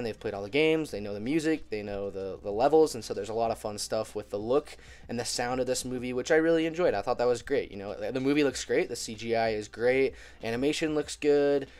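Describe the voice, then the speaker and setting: A man's voice: medium pitch, darkish tone. A young man with a cold talking casually in a movie review vlog, chatty, filling his talk with "like" and laughing easily. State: getting over a cold.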